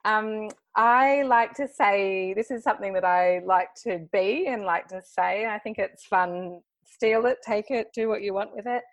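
A woman's voice: mid-range voice, a little slow, few pauses, no room sound. A woman with an Australian accent, a hair colorist chatting as a guest on a podcast in an upbeat, talkative way. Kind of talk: casual podcast interview.

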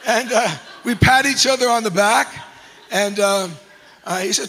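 A male pastor who preaches through a funny personal story, animated and self-mocking. His voice is high and gravelly with a husky edge. It rings out in a long, reverberant hall. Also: a little slow. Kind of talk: storytelling sermon.

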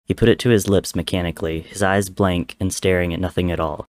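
A man with a very low voice reads a story aloud. His delivery is measured and dramatic, with steady pacing through the narration. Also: no room sound, studio quality.

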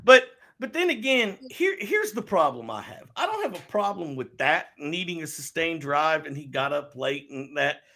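Gravelly, bright-voiced profane man. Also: fairly high pitch, very animated. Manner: blunt and profane, quick rants. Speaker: podcast co-host. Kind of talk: casual chat.

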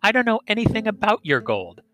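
A man voicing a sharp-tongued, scheming peasant wife with a high, scolding manner. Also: sing-song, brisk, faint music behind, full character voice. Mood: feigned innocence.

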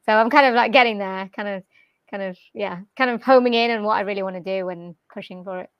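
A British-accented woman talks in a chatty, upbeat way, close to a directional mic. Her voice sits at an ordinary middle pitch. The sound is dry and close, with almost no room in it. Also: smooth, no room sound, dull audio. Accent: general British. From Wales. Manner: chatty, upbeat, quick to laugh. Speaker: voiceover artist and jazz vocalist. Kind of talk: casual interview chat. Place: quiet corner of a home lounge. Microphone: directional mic with pop shield.

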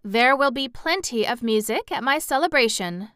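A woman voicing a gracious young fairy princess in an audiobook, speaking gently and with measured courtesy. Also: fairly high pitch, animated, clean tone, no echo, studio quality, pitched above the performer's own voice. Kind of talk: audiobook character reading.

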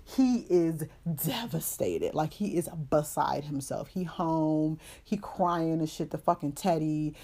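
A woman with a fairly low voice recaps a story for a comedy podcast. She tells it in loose, profane slang with plenty of fillers and asides. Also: slow pace, few pauses, warm tone. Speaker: podcast host.

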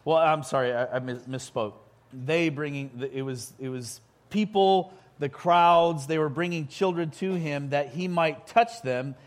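A man preaching a sermon in a halting way, full of restarts, building to loud emphatic peaks. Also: a little high.

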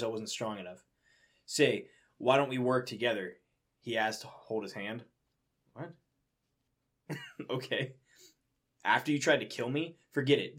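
A young man reads fan fiction aloud and keeps breaking off for disbelieving asides. His voice sits in an ordinary middle pitch, and his delivery is loose, amused and unpolished. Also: fairly bright tone. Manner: laughing, incredulous asides. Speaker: reader.

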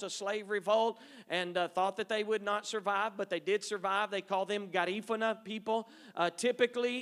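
Man, missionary, folksy storyteller, high smooth voice. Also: fairly bright tone. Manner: folksy, storytelling, addresses audience as y'all. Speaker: missionary speaking at a church. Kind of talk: folksy church talk with stories.

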